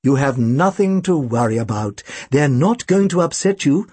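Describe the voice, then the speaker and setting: A man's voice: sits high, expressive, moderate pace, warm tone, breathy edge, no echo, pitched above the performer's own voice. A man voicing a formal, cautious male doctor who gives precise, earnest warnings about his patient.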